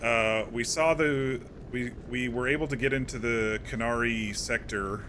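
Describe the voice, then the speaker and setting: Man, game streamer, casual commentary, rambling chatty recap, bright forward tone. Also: medium pitch, measured pace, a little hiss or hum.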